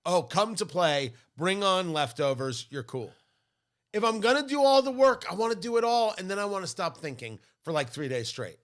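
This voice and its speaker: A man's voice: high voice, moderate pace. A middle-aged man co-hosting a casual podcast chat, telling food stories with enthusiastic, playful bursts. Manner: animated, enthusiastic storytelling with playful outbursts. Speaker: co-host.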